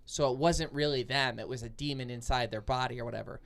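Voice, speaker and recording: A man's voice: medium pitch, fairly even intonation, quick pace, gravelly, a bit bright. A young man co-hosting a podcast, telling a long dream story in casual chat, full of fillers and restarts. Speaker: podcast co-host.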